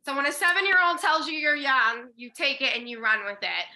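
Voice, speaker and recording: A woman's voice: sits high, brisk, pushed and bright, poor audio. A woman in her early thirties hosting a panel talk show, chatty and upbeat as she tells stories and passes to guests. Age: 30s. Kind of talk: casual panel chat.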